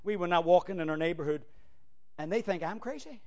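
A male pastor preaching a fiery sermon, swinging from loud cries to hushed asides. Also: high-pitched, fairly quick.

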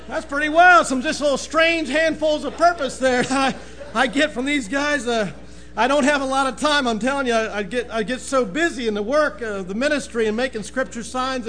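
A man's voice: very high-pitched, a bit bright, slight background noise. A man preaching, telling folksy jokes and calling out amen and brother. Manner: folksy, says "amen" and "brother" often, laughs at own jokes. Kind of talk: joking sermon opening.

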